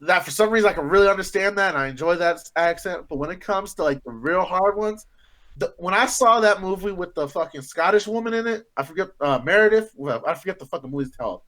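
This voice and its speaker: Man, slightly high bright voice, joking podcast chat. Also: quick pace. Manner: animated, joking storyteller. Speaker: podcast co-host. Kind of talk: casual banter.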